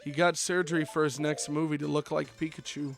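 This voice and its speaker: A man's voice: on the high side, level tone, brisk, creaky, soft background music. A young man streaming a game, chatting casually and joking with lots of fillers. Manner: rambling, joking, many fillers.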